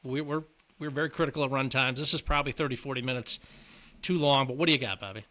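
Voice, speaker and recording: A man's voice: medium pitch, fast talker, pushed and bright. A man co-hosting a podcast, chatting easily about a film and putting questions to his co-host. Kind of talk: casual movie chat.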